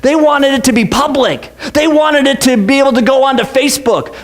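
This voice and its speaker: High-voiced joking pastor. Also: male voice, fairly quick. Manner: joking, conversational, many "okay"s and restarts. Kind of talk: casual sermon. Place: church.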